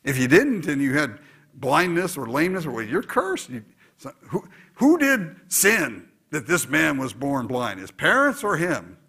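Here a pastor gives a sermon in a measured rhythm, urging his congregation on with lively energy. The man's voice is husky and somewhat elevated, sliding down for soft asides and climbing upward whenever he stresses a point.

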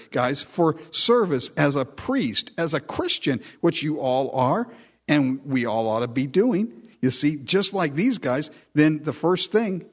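A man's voice: medium pitch, lo-fi sound. A man preaching an earnest expository sermon, speaking directly to his listeners and reading scripture aloud. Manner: earnest, drawing listeners in with asides; reads scripture in King James wording. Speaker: pastor.

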